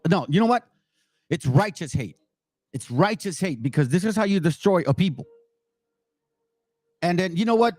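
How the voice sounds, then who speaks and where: A man gives casual reaction commentary in a blunt, mocking way, cursing often. His voice sits a bit high for a man and sounds dry and close to the mic. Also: dry recording. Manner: mocking, blunt, swears freely. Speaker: online commentator.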